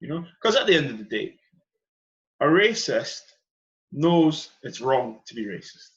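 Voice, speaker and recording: A man's voice: mid-range voice, very animated, measured pace, dull audio. A young man hosting a podcast who talks earnestly and with passion, stressing and repeating his key points. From Edinburgh, Scotland. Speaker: podcast host. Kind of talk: earnest conversational monologue.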